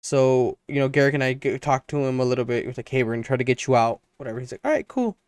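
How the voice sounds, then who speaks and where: A man's voice: mid-range voice, completely flat delivery, racing, darkish tone, clean tone, no room sound, clean studio sound. A young man co-hosting a podcast, telling a long story in a rambling casual way and acting out his friends' lines. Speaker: podcast co-host.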